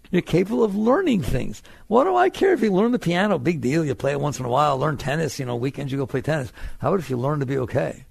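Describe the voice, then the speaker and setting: Gravelly, animated older man teaching. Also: fairly high pitch, quick pace, dry recording. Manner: animated, laughing, playful rhetorical questions. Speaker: spiritual teacher. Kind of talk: spiritual talk to an audience.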